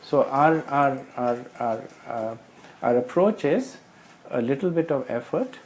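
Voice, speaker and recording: A man's voice: mid-range voice, lively intonation, unhurried, slight background noise, low-quality recording. A man sharing realizations in a scripture study group, hesitating often and explaining through everyday analogies. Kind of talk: casual spiritual sharing.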